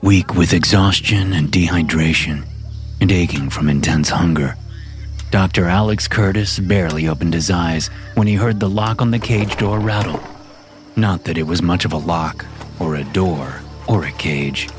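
A low-voiced man narrating a scripted horror story at a steady, measured pace. His delivery is even and controlled, and background music plays under the narration throughout. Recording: music playing behind.

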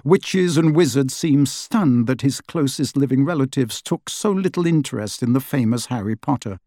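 A man narrating an audiobook in an expressive storytelling manner, close to the mic. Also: mid-range voice, moderate pace, no room sound. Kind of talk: scripted narration.

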